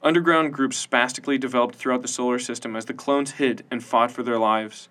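A man narrating a science-fiction audiobook in an even, measured storytelling manner. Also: mid-range voice.

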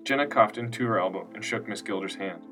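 A man narrating a scripted story in a steady, unhurried reading voice. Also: on the low side. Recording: distant mic with faint music.

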